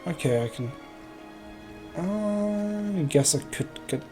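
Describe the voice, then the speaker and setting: A man's voice: high voice, lively intonation, slow pace, music in the background. A man streaming a video game, joking and thinking aloud as he plays. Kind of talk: casual let's play commentary.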